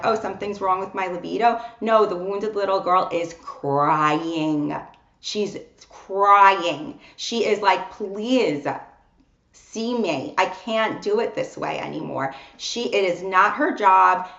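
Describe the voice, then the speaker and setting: A woman's voice: medium pitch, pushed and bright, echoey room, highs cut off. A woman co-hosting a casual podcast as a coach, talking earnestly and repeating words for emphasis. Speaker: co-host and coach.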